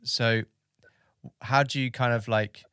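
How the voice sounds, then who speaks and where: A man's voice: medium pitch, fairly even intonation, slow, pushed and bright, clean tone, dry recording, clean studio sound. A man hosting a podcast interview, speaking supportively with short affirmations and hesitant questions. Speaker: podcast host.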